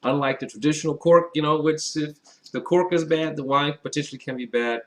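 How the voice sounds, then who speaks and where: A fairly high-pitched, fairly quick voice belongs to a wine reviewer from Wisconsin. Indoors at a table with a white background, he hosts a casual tasting vlog, speaking directly to viewers in a chatty, upbeat way.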